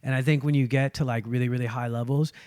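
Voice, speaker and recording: A man's voice: medium pitch, fast, clear, resonant tone, dry recording, clean studio sound. A man, a guest comedian, chatting casually on a podcast and acting out quotes as he tells stories. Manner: animated storyteller, acts out quotes.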